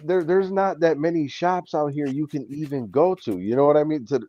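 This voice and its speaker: A man with a New York accent tells a story in casual chat and acts out everyone's lines. His voice is mellow and warm, recorded dry and a little dull, like a lo-fi stream. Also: fairly high pitch, brisk, dry recording. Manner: animated storytelling, acts out quoted people. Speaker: co-host. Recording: dull lo-fi sound.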